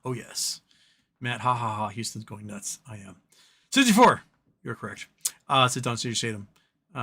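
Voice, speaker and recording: A man's voice: medium pitch, big pitch swings, moderate pace, bright, forceful tone, husky. A man hosting a livestream who reads chat comments aloud, rambling and profane in his opinions. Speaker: livestream host. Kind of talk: live-stream chat reading and ranting.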